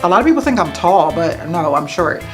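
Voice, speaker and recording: A woman's voice: on the low side, very animated, a little fast, over music. A woman in her thirties from the United States chatting casually to camera, answering questions with self-mocking asides to viewers. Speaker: vlogger. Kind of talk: casual to-camera Q&A tag video.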